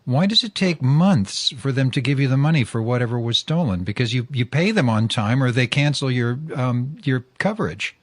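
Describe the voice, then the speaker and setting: A man's voice: mid-range voice, animated, moderate pace, few pauses, no echo. A man in casual chat, asking skeptical questions and pushing back. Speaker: co-host.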